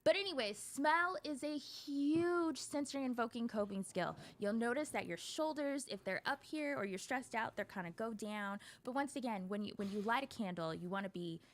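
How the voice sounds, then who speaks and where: A woman therapist, a guest on a talk show, explaining coping skills in a lively, chatty way and laughing easily. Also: on the high side, normal speed, few pauses. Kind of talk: casual talk show conversation.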